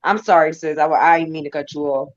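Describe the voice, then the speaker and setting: A woman's voice: low-pitched, steady tone, quick pace. A woman co-hosting a casual chat, chiming in with agreement and her own take. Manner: affirming, chiming in. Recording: dull lo-fi audio.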